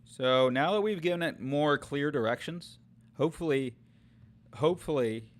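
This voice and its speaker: A man's voice: on the high side, normal speed. A man streaming as he tests AI story tools, chatting casually and thinking aloud with many fillers and restarts. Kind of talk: casual chat.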